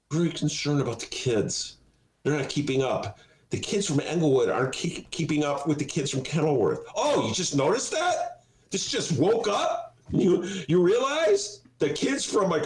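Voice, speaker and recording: A man hosting a casual political talk show, sarcastic and quick to laugh. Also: sits high. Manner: sarcastic, laughs often, jumps into silly voices. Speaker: podcast host. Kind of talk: casual comedic political chat. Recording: echoey room.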